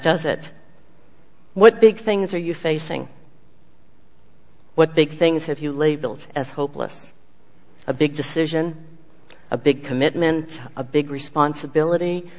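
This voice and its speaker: An earnest speaker giving a sermon with personal testimony, swinging from emphatic lines to hushed ones. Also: mid-range voice. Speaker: speaker giving a devotional message. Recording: dull lo-fi sound with long hall reverb.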